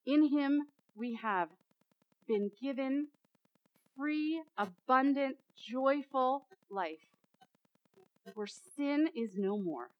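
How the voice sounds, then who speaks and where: High-voiced woman preaching a slow sermon. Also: expressive, no echo, highs cut off. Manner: dramatic, repetitive, building to emphatic peaks.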